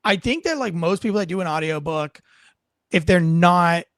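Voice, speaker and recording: A man's voice: high voice, expressive, normal speed, a bit bright, dry recording. A man, a guest author, telling stories with enthusiasm and theatrical flair, then reading his memoir aloud with drama. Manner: enthusiastic, theatrical, lots of fillers. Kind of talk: animated storytelling and dramatic reading.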